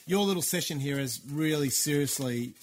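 A man's voice: a little high, moderate pace, slight background noise. A man co-hosting a casual gaming podcast, easygoing and agreeable. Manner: laid-back, agreeable, laughs along. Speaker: podcast co-host. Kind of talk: casual chat.

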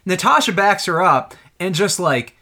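A man co-hosting a casual chat recap of a reality TV show, animated and laughing often. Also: sits high, measured pace. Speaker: podcast co-host.

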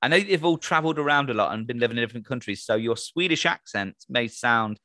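A man's voice: medium pitch, animated, fast talker, sharp tone, dry recording. A man hosting a comedy podcast over a remote call, joking and rambling with lots of fillers. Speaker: podcast host.

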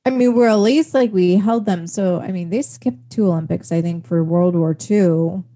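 A woman's voice: on the low side, moderate pace, warm tone. A woman talking earnestly and thoughtfully in a casual podcast chat.

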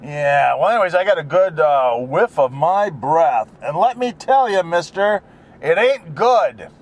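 A man's voice: a little high, animated, measured pace. A middle-aged man chatting casually while driving, rambling from topic to topic and grumbling at other drivers. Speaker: vlogger. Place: in a car.

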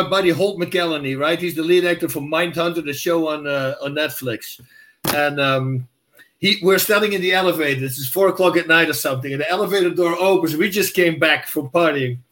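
A man telling a quick story in casual chat, laughing and acting out quoted lines. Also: fairly high pitch, fairly bright tone.

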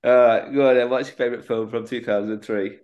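A man's voice: mid-range voice, fairly even intonation, a little fast, narrow, tinny audio. A man co-hosting a casual podcast, chatting in a bouncy, upbeat way. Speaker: podcast co-host.

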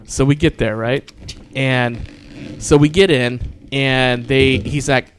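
A man's voice: mid-range voice, steady tone, takes it slowly, clean tone. A man casually telling a wild night-out story, swearing freely and breaking into laughter. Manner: profane, laughing, quotes people in voices.

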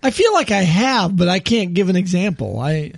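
A man co-hosting a podcast, throwing short jokey remarks into casual chat. His voice is high for a man, husky and gravelly, and it swings a lot in pitch. The sound is dry. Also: very animated, normal speed, no echo. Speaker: podcast co-host.

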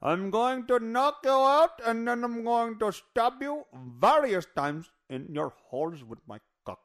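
A man's voice: very high voice, very animated, a little slow, fairly bright tone, voice pushed up, full character voice. A man doing a leering, lewd mock surgeon. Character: leering crude male surgeon mocking his patients.

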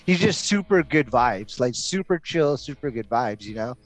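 A man's voice: medium pitch, animated, normal speed, soft background music. A middle-aged man hosting a podcast, telling a story in a loose, rambling way, full of "like" and "you know". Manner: laid-back, rambling, heavy use of "like" and "you know". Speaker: podcast host. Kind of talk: casual storytelling chat.

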